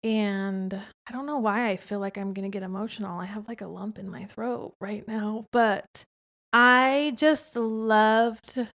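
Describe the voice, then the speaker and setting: Young adult woman, podcast host, casual and expressive, middle pitch. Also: moderate pace, creaky, few pauses. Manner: chatty and expressive, frequent filler "like". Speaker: podcast host, interviewed by her husband. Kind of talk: casual conversational chat.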